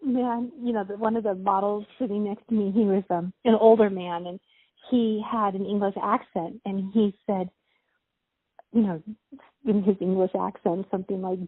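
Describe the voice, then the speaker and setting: A middle-aged woman, a mother, casually telling a personal story in a rambling, halting way with many fillers and restarts. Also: mid-range voice, steady tone, husky, no echo. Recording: tinny phone-like sound, dry.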